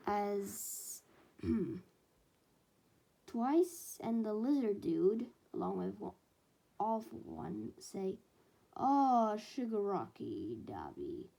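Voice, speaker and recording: Woman narrator for a casual fan story, gravelly and unhurried, with rambling asides. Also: mid-range voice, dark tone, a little hiss or hum.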